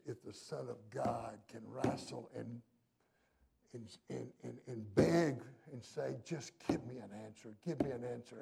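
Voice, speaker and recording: A male pastor preaching a sermon with emphasis, his delivery swinging from hushed to loud. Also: medium pitch, gravelly, a little hiss or hum.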